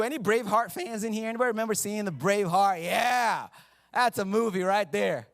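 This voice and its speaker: A man's voice: high-pitched, fairly quick, gravelly. A man preaching a sermon as pastor, joking and conversational, laughing at himself between scripture readings. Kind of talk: humorous sermon. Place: church sanctuary.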